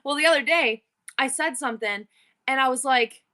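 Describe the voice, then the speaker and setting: Bubbly high-voiced woman hosting a live stream. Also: bright, forceful tone. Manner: bubbly, chatty, with quick asides to chat. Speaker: online auction live-stream host. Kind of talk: casual live-stream chat with viewers.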